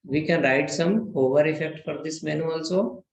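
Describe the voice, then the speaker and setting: A man teaching a live web design lesson, walking through each step slowly and quizzing his class. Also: on the high side, steady tone, creaky, roomy sound, highs cut off. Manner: slow, step-by-step explaining, asks the class questions.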